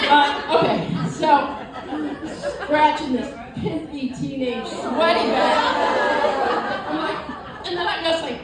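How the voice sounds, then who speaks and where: A woman doing a stand-up comedy set, telling stories with animated voiced asides. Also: sits high, measured pace, long pauses. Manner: animated storytelling with voiced asides and crowd laughter. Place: comedy club stage. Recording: echoey live venue from far off, audience laughter. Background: audience laughing.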